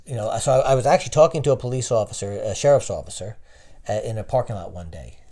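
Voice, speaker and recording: A man's voice: fairly low pitch, lively intonation, quick pace, dark tone. A man from New Jersey, a guest in a casual interview, who tells stories and quizzes the interviewer with questions. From New Jersey, USA.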